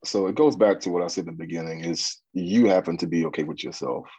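A man speaking as a podcast guest in a measured, even-handed way. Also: low-pitched, slightly rough, no echo. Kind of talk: casual discussion. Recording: dry dull lo-fi sound.

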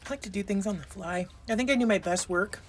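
A woman's voice: medium pitch, fast talker, a little hiss or hum. Giggly swearing woman podcast host. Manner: rambling, giggly, swears freely. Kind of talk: casual chat.

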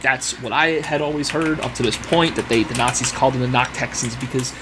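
A man's voice: mid-range voice, fairly even intonation, fairly quick, noisy background. A man presenting history on a casual podcast, reading facts aloud and then riffing and laughing with friends.

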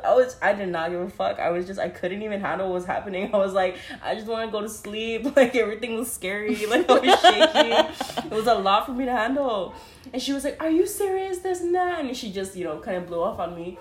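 Young woman, low-pitched voice, casual storyteller, laughs a lot, swears, roomy echo. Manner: laughs often, heavy use of "like", swears freely. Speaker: podcast co-host.

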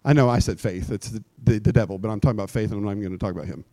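A pastor preaching a sermon in a lively, joking way, slipping into mock old-fashioned prayer voices. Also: male voice, fairly low pitch, rapid-fire, no echo. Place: church.

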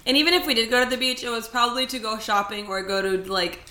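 Bright, animated young woman in an echoey room. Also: on the high side, fast talker. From California. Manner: animated, swearing, laughing often. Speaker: podcast co-host. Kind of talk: casual chat.

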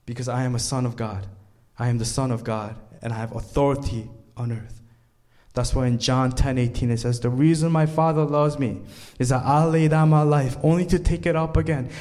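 A man's voice: medium pitch, steady tone, fairly quick, dark tone. A male pastor preaching a sermon, reading scripture aloud and driving points home with emphatic rises.

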